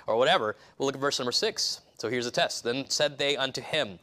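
A man delivers a sermon in a loose, conversational way, circling back and restarting his sentences. His voice is bright and forward at a middling pitch. He slips into quick acted voices for the people he quotes. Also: animated. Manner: rambling, conversational, many restarts and asides. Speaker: pastor. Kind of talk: casual expository sermon.

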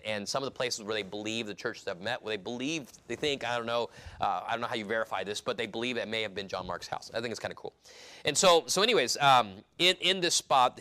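A man preaching an expository sermon, reading scripture aloud and acting out the scenes in lively voices. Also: on the low side, smooth. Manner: animated, reads scripture aloud and acts out scenes.

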